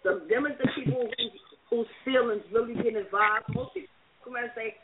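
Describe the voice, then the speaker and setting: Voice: medium pitch, fairly quick, a little hiss or hum. A panelist on a casual call-in talk show who bluntly speaks up to make a point. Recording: tinny phone line with chatter behind.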